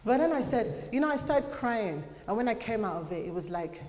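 A young adult woman preaching a sermon in earnest, conversational tones, sometimes pausing on fillers. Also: a little high, very animated, darkish tone. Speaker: church speaker. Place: church hall. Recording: echoey church hall.

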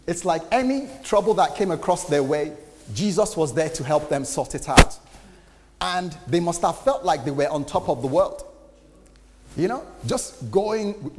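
A man, a pastor, preaching a sermon in a conversational way and acting out quotes. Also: fairly high pitch. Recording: reverberant hall with faint noise.

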